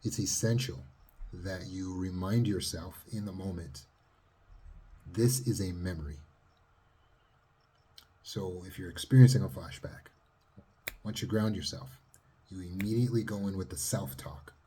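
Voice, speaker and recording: A man teaching trauma healing as a coach, speaking calmly and steadily, at times dropping almost to a whisper. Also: low-pitched, normal speed, slight background noise. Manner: calm, steady, sometimes dropping to a near whisper. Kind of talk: teaching monologue.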